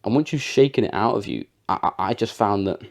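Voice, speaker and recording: A young man talks casually about mindset, rambling through plenty of fillers. His voice sits low and has a gravelly fry, roughened further by a sore throat. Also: expressive, a little fast, darkish tone. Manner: rambling and chatty, with frequent fillers and laughs. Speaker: vlogger. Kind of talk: casual motivational talk to camera.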